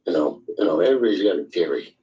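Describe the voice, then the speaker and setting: A fired-up man in an online group voice chat, fairly low in pitch. He talks angrily, swears often and circles back to the same phrases again and again. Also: expressive, very fast, mellow, rough recording. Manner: angry, swears often, repeats himself. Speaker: Twitter space participant.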